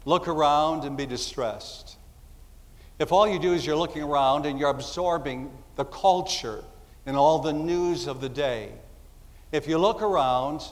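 A man preaching a sermon in a slightly high voice, with long reverb from a hall trailing behind him. He talks to the congregation in a conversational way and drops into little acted voices as asides. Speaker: pastor.

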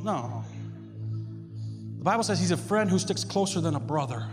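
Guy preaching over loud music, high voice, big echoey church. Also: moderate pace. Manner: animated storytelling, bursts into shouts. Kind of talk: sermon. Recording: long hall reverb with loud music.

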